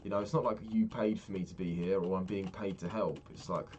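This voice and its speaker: A man's voice: sits low, steady tone, brisk, a little mellow, highs cut off, slight background noise. A young man chatting casually and rambling, swearing freely as he tells a story while playing a game. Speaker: vlogger. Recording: keyboard clicks and typing behind. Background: keyboard clicks.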